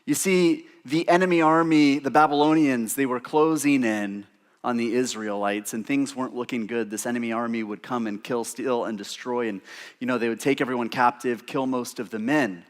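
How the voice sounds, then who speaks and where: A man's voice: mid-range voice, moderate pace. A young adult man preaching a sermon, telling stories and slipping in playful self-mocking asides. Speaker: pastor.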